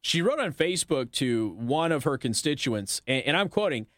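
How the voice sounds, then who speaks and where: A man's voice: a little high, sing-song, moderate pace, fairly bright tone, dry recording, studio quality. A male talk radio host, possibly from Indiana, delivering an indignant, sarcastic monologue.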